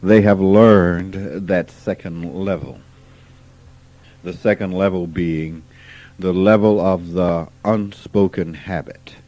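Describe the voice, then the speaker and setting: Guy, 50s, low voice, talks slow n folksy about spirit stuff, muffled old tape. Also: fairly even intonation, warm tone. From Mississippi, USA. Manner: unhurried, asks questions and answers them himself, folksy. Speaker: spiritual teacher. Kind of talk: informal spiritual talk to a small group. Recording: dull archival tape recording.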